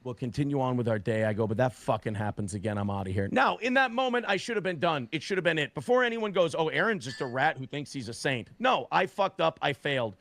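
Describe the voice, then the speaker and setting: A man recounting a story as an interview guest, profane and animated, acting out the voices of the people in it. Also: fairly high pitch, quick pace, creaky, few pauses.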